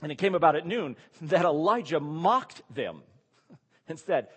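A fairly high-voiced man preaching through a Bible passage with lively energy, tossing out rhetorical questions and little chuckles. His voice swings up and down as he builds each point. It rings out in a large hall with a long, trailing reverb. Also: normal speed, husky. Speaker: pastor or Bible teacher. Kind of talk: expository sermon.

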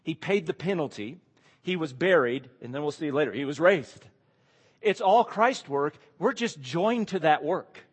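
A man's voice: on the high side, expressive, moderate pace, husky. A man preaching a sermon, asking the congregation questions and stressing key words. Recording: long hall reverb.

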